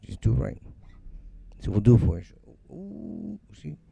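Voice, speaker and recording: Husky and lowish with vocal fry, the middle-aged host keeps a measured pace as he rants during his music livestream from a home studio. He's blunt, profane and animated, mocking people in quoted voices throughout this casual stream.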